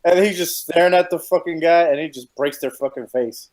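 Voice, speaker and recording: A man's voice: fairly high pitch, a little fast, darkish tone. A man co-hosting a podcast, chatting easily about wrestling and slipping into silly voices for quotes. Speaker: podcast co-host. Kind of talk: casual profane wrestling chat.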